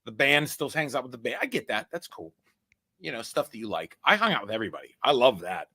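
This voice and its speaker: A man in his forties hosting a podcast, chatting casually and telling animated stories full of put-on quotes and laughter. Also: medium pitch, fast talker, breathy edge. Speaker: podcast host. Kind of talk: casual chat.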